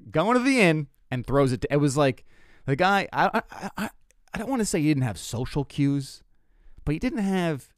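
A young man hosting a podcast, telling a comic story in a casual, animated way, stumbling and restarting often. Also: no echo, clean studio sound. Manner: animated, self-interrupting, swears, jumps pitch for quoted lines. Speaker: comedian podcast host.

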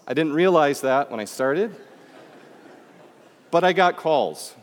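A man's voice: on the high side, big pitch swings, unhurried, pauses often, big-room sound. A man from Michigan with a Midwestern American accent, giving a public talk in a conversational, joking way and speaking straight to the audience. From Michigan, USA.

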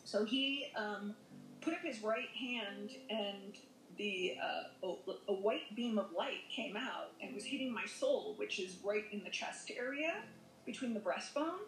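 A woman's voice: medium pitch, animated, measured pace, fairly bright tone, a little hiss or hum. A woman telling a personal near-death story as a podcast guest, rambling with many fillers and self-corrections. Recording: echoey room.

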